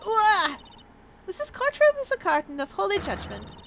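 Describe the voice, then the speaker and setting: A woman's voice: very high voice, wildly swooping pitch, normal speed, creaky, a bit bright, slight background noise, voice pushed up, exaggerated voice. Woman putting on a chirpy old head nun.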